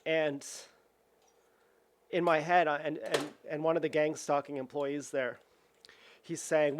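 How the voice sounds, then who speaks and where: A man's voice: a little high, level tone, unhurried, long pauses, a little hiss or hum. A young man tells a rambling story while cooking at home, with lots of "like", restarts and acted-out quotes. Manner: rambling, full of "like" and restarts, acts out quoted voices. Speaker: vlogger.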